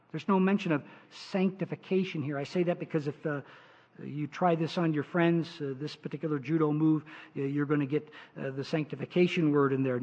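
A man preaching a sermon as pastor, emphatic, with frequent filler sounds and pitch that climbs for stress. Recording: dull lo-fi sermon recording.

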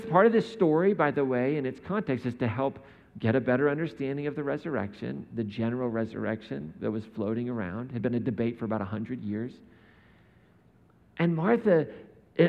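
A man preaching a sermon in a conversational way, often asking his listeners rhetorical questions. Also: medium pitch. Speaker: pastor. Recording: dull sound in a reverberant hall.

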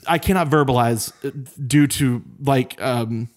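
A man's voice: mid-range voice, unhurried. A man co-hosting a podcast in casual chat, given to exaggerated comic rants. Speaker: podcast co-host.

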